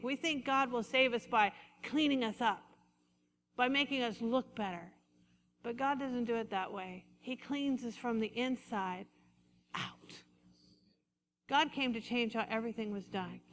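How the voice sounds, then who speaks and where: A woman pastor preaching a sermon, leading the congregation in call-and-response and slowing down for emphasis. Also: a little high, a bit bright, slight background noise. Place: church sanctuary. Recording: reverberant hall.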